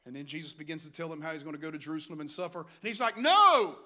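A male pastor preaching a sermon, telling the story dramatically and swinging between hushed passages and shouts. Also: on the high side, very fast.

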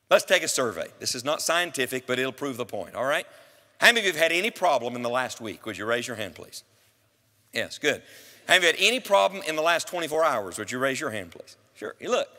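A man preaching to a congregation, his fairly high, bright voice swinging widely in pitch. He presses his points with direct questions, and the church's long reverb trails after each phrase. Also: big pitch swings, a little fast, long pauses. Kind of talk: sermon. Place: church sanctuary.

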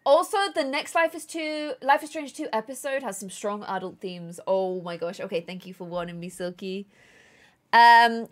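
A woman's voice: a little high, normal speed. A woman from England, chatting casually with viewers on a live gameplay stream and reading chat aloud.

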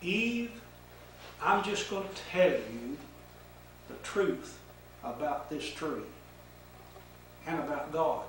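An older man voicing a sly, smooth-talking male serpent-devil who drawls casually and then turns hushed and earnest, in an echoey room with the mic set far off. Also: sits high, takes it slowly, a little hiss or hum.

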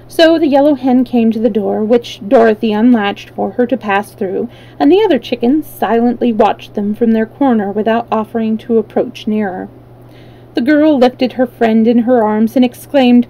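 A woman reading a children's storybook aloud in a steady, even way. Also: a little high, moderate pace, lo-fi sound.

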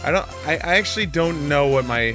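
A man's voice: on the high side, lively intonation, a little fast, music in the background. A man chatting casually while streaming a game live, offhand and swearing at the game now and then.

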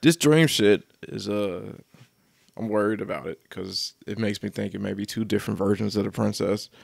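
A man's voice: fairly low pitch, moderate pace, gravelly, no echo. A man co-hosting a casual podcast chat, retelling a story in a laid-back, plain-spoken way with casual swearing. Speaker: podcast co-host. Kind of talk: casual chat recapping a manga.

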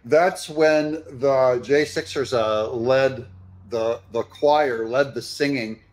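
A man giving sarcastic, animated reaction commentary on news clips. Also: mid-range voice, slow pace. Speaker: political commentator.

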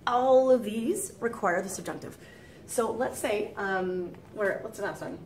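A woman's voice: medium pitch, unhurried, darkish tone, a little hiss or hum. A woman teaching French in a casual video lesson, chatty and rambling, acting out quoted thoughts and laughing easily. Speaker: French tutor.

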